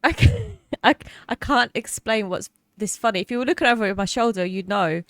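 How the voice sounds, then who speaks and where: A woman livestreaming a roleplay game, cry-laughing and teary as she talks. Her voice sits high and swings widely in pitch, recorded close and dry. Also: sing-song, moderate pace, fairly bright tone, no echo. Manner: helpless giggling, cry-laughing. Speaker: streamer playing an HR rep. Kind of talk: live-streamed roleplay chat.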